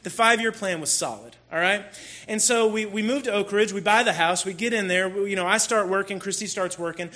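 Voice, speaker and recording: A man telling a personal story in a sermon, animated and self-deprecating as he talks to the congregation. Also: sits high, brisk, few pauses. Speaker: church speaker.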